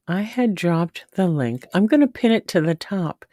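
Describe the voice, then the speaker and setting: A woman with a lowish, expressive voice and a warm tone hosts a casual livestream at a moderate pace. She chats affectionately and greets viewers by name. The dry recording has studio quality.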